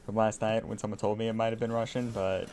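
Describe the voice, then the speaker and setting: A relaxed American man with a lowish voice chats with his viewers while he plays, rambling easily and breaking into laughs. Faint keyboard typing ticks along behind him. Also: fast, slight background noise. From United States. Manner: laid-back, rambling, laughs often. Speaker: live streamer. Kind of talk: casual chat with viewers while gaming.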